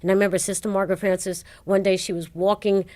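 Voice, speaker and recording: A middle-aged woman being interviewed, telling her life story with animated retellings of dialogue and frequent laughter. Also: medium pitch, quick pace. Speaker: interview guest.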